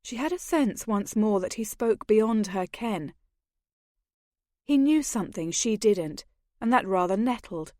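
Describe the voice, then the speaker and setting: A woman narrating a romance audiobook in a measured storytelling manner. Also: medium pitch, lively intonation, mellow, no room sound, clean studio sound. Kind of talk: scripted narration.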